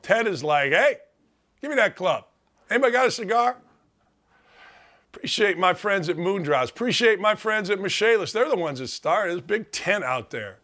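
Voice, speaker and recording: A man's voice: high-pitched, fairly bright tone. A man hosting a sports talk show, speaking in a heartfelt, tearful monologue of gratitude, choked up and close to crying. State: choked up, near tears. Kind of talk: emotional monologue.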